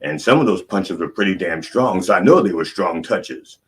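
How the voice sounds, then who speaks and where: A man's voice: sits low, lively intonation, normal speed, breathy edge. A man hosting a comedic sermon, telling rambling, irreverent stories from his childhood and interrupting himself. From Baltimore. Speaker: comedic preacher host. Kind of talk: storytelling stand-up monologue.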